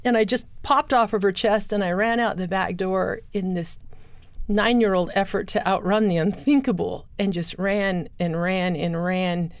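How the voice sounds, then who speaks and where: A woman's voice: medium pitch, steady tone, normal speed, dry recording. A middle-aged woman giving an earnest personal testimony as a guest in a radio interview. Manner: earnest storytelling, acts out quoted voices.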